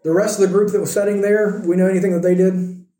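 A man's voice: high voice, little pitch movement, quick pace, warm tone, echoey room, low-quality recording. A man preaching a conversational sermon as pastor, using rhetorical questions. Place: church sanctuary.

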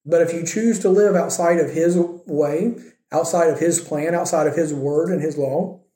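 A man's voice: fairly high pitch, normal speed, mellow, roomy sound. A man preaching a sermon as pastor, acting out the words of quoted speakers in his own voice.

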